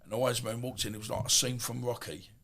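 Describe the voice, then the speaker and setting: A man in his fifties with an Essex accent, telling stories as a podcast guest in a rambling, animated way with many asides. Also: medium pitch, racing, vocal fry. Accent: Essex English. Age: 50s. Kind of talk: casual storytelling.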